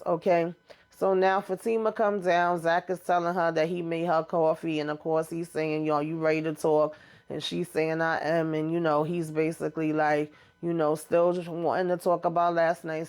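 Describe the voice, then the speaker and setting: A woman's voice: low voice, little pitch movement, normal speed, a little mellow, clear, resonant tone. A woman hosting a casual TV episode recap, chatty, swearing mildly and talking straight to her viewers. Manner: chatty retelling with frequent mild cursing; addresses viewers directly. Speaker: TV recap host.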